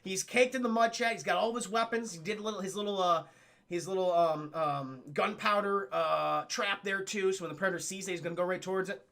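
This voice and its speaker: A man streaming a casual film recap, animated and profane, often talking to his chat. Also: sits high, brisk, vocal fry.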